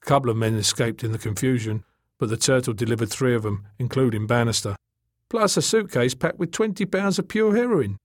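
A man's voice: mid-range voice, expressive, fairly quick, no room sound, studio quality, close to an everyday voice. A man voicing a blunt, practical man who explains things plainly, in an audiobook. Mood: satisfied.

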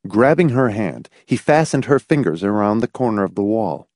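Male narrator, suspenseful audiobook read, very lively pitch, dry close sound. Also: moderate pace, few pauses, dry recording. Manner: dramatic, suspenseful storytelling.

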